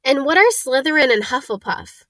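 A woman reading as Harry, a quiet curious boy. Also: high voice, animated, moderate pace, slight background noise, voice pushed up. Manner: quiet, curious, a bit glum. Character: shy, curious young boy. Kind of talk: read-aloud storybook voice.

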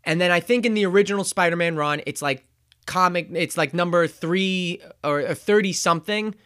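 A man's voice: high voice, normal speed, a bit bright. A man hosting a podcast, recapping a movie in casual chat, rambling with chuckles and acting out quotes. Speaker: podcast host.

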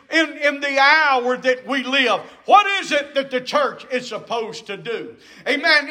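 A man preaching a fervent sermon, building to shouted emphasis and punctuating with "amen". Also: very high voice. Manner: fervent, repeats phrases.

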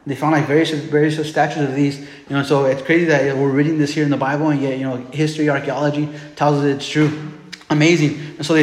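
Man preaching in an echoey hall. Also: a little high. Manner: conversational, repeats and restarts words often. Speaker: pastor. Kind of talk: sermon. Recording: echoey hall with long reverb.

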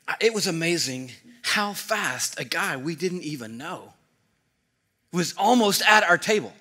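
A man preaching as a pastor, telling a story in an animated way and acting out every part himself. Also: on the high side, a little slow. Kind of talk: sermon with acted-out story.

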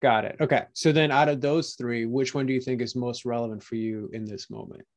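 Male host and coach, mid-range voice, calmly sums up his guest's points and checks in. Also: mid-range voice, brisk. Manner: reflective, sums up with "right?" tags. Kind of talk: coaching conversation.

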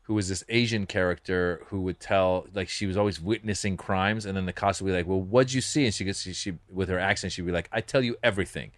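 A man, a comedian, in casual chat, telling stories fast and acting out his bits. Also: low-pitched, little pitch movement, dry recording. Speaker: comedian co-host.

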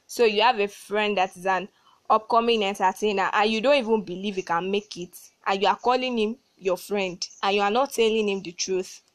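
A woman's voice: medium pitch, fairly even intonation, a little fast, no room sound. A young woman hosting a solo advice podcast, talking emphatically and repeating words for stress. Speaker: podcast host.

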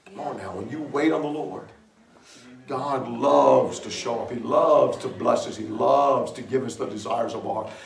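Animated preacher man in echoey hall. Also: medium pitch, moderate pace, creaky. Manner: animated storytelling with laughs and shouted bursts. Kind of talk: sermon. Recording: echoey room, mic far from speaker.

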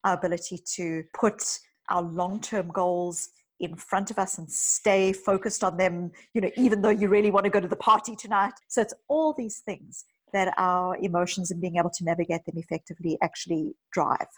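A woman's voice: fairly low pitch, fairly even intonation, moderate pace, low-quality recording. A woman psychologist talking earnestly on a podcast, telling personal stories with emphatic lists. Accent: South African. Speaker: psychologist guest. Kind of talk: podcast conversation.

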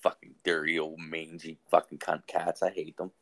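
A man's voice: a bass voice, flat delivery, normal speed, gravelly, fairly bright tone, rough recording. A man hosting a podcast, talking in crude, profane, blunt casual banter and laughing often. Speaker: podcast host.

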